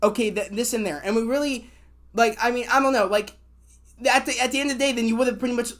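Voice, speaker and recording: A woman's voice: a little high, fast. A woman reviewing a TV episode in a casual spoiler rant, rambling with many fillers and restarts, swearing when annoyed. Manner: excitable, acts out quotes. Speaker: TV show reviewer.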